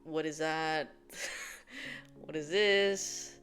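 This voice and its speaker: A woman's voice: on the low side, measured pace, soft background music. A woman hosting a casual explainer video, rambling with lots of fillers and laughing often. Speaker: video host.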